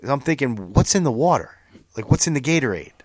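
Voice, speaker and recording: Guy rambling and cussing thru a story, dry close mic, medium pitch. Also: brisk, no room sound. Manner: profane, rambling, animated storytelling with many restarts. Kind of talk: casual chat.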